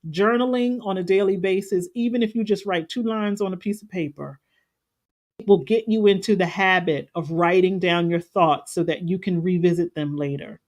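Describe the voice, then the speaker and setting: A woman's voice: on the low side, moderate pace, a little mellow. A woman spiritual coach giving an earnest, folksy, conversational talk on a live stream. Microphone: live stream setup.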